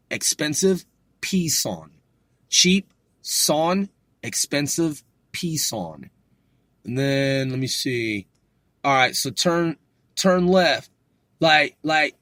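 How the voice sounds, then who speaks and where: Slow, laid-back man reading his notes. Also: mid-range voice, dry recording, studio quality. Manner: relaxed, swears, jokes, sounds out words from his own notes. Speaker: self-taught learner teaching vocabulary. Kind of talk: casual solo study podcast.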